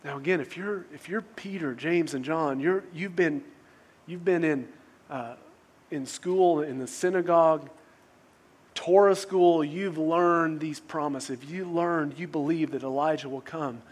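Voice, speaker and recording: A man's voice: fairly high pitch, measured pace. A male pastor preaching a sermon in a casual, conversational way, often restarting phrases and asking rhetorical questions.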